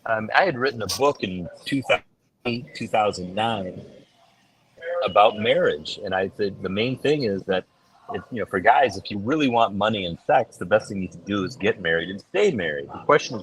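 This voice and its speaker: A middle-aged man chatting casually as a podcast co-host, telling stories and acting out quoted voices with big jumps in pitch. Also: animated, normal speed, fairly bright tone, poor audio. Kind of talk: casual chat.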